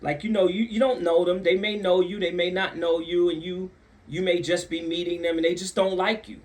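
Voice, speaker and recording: Speaking fairly quickly with a flat delivery, a channel host relates a story to camera in a relaxed way. He leans on repeated phrases for emphasis and mimics other people, his pitch leaping sharply when he does their voices.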